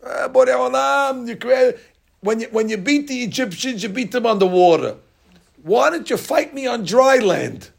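A man teaches a Talmud class, retelling old stories with lively energy and acting out the lines. His voice is rough and gravelly, with a husky edge. It sits fairly high for a man. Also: normal speed. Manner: animated storyteller, acting out lines with rising shouts. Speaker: Torah teacher.

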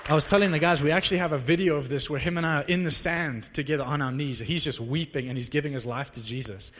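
A man preaching to a live audience, telling a story in an animated, conversational, self-mocking way. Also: a little high, fast talker. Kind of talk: sermon storytelling. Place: large hall with live audience. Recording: long reverb of a large hall.

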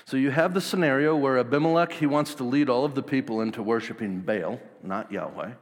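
A man's voice: medium pitch, a little fast. A man preaching in a casual, jokey, slangy way, retelling a story. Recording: long hall reverb.

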